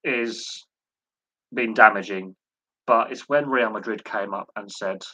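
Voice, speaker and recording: A man's voice: fairly low pitch, unhurried, pushed and bright, dry recording, rough recording. A man hosting a live sports chat stream, talking in a rambling way with many fillers and repeated words. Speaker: host.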